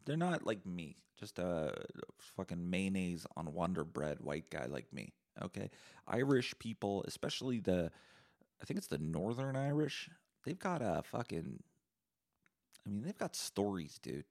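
A man's voice: deep voice, measured pace. A young man from Canada hosting a podcast, delivering a sarcastic, profane solo rant. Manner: sarcastic, profane, animated ranting. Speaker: podcast host.

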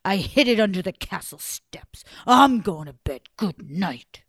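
A woman voicing a huge, gruff, man-eating giant who booms slowly and hisses some lines in a loud whisper. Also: animated, no echo, studio quality, full character voice. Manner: booming slow chant with hissed whispery lines.

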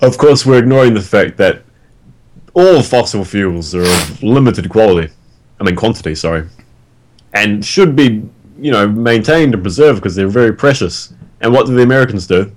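Lowish-voiced New man, dry. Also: animated, moderate pace. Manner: dry, wry asides with swearing. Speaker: podcast co-host. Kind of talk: casual podcast chat.

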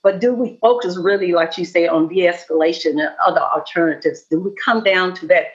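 A woman's voice: fairly low pitch, brisk, muffled recording. A woman on a panel who teaches law enforcement, speaking in a supportive, conversational way. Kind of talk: panel discussion.

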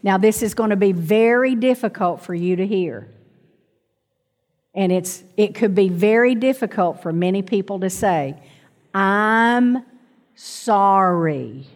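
A woman's voice: mid-range voice, moderate pace, warm tone, big-room sound. A middle-aged woman preaching a sermon to a congregation, calling out for amens and asking them to repeat after her. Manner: calls out to the congregation, asks for amens.

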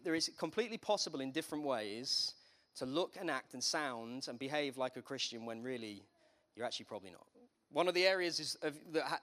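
A man's voice: on the high side, pushed and bright. A man preaching a sermon as pastor, in a conversational way with humorous asides.

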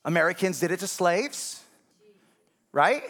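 A man's voice: sits high, lively intonation, a little slow, a bit bright. A man preaching a sermon as pastor, speaking conversationally and often checking whether the congregation is following.

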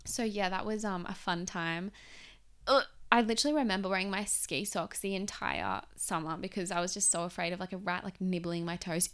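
A young woman hosting a podcast, telling a personal story in a chatty, expressive way with many fillers. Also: lowish voice, brisk. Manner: chatty and expressive, heavy use of "like". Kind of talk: casual storytelling monologue.

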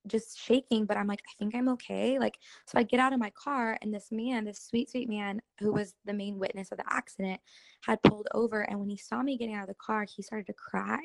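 Chatty young woman with slight fry. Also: mid-range voice, steady tone, a little fast, dry recording. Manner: earnest, chatty, fillers like "like". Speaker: podcast co-host. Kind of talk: casual faith podcast chat.

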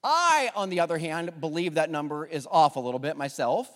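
A man's voice: on the high side, animated, fairly quick, long reverb tail. A man pastor opening a Sunday service, leading the congregation in call-and-response and building toward introducing a guest speaker. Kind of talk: sermon introduction. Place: church sanctuary.

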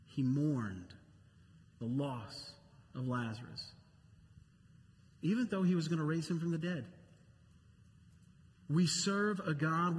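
A man with a high-pitched voice preaches a sermon at a slow, deliberate pace. His delivery is conversational, and he repeats key phrases for emphasis. The sound has a long reverb and a faint hum of ambience behind it. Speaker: pastor.

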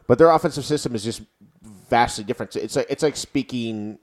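A young man co-hosting a casual sports podcast, talking fast and getting loud and profane when he relives big plays. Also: mid-range voice, a little hiss or hum. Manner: excitable, swears and yells when reliving plays. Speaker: podcast co-host.

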